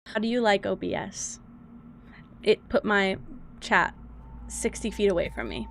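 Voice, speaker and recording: Kinda high-voiced girl streaming, all flustered and jokey, swearing at her setup. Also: unhurried, gravelly, fairly bright tone. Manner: flustered and joking, swears, talks to chat. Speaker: livestreamer. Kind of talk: casual live-stream chat.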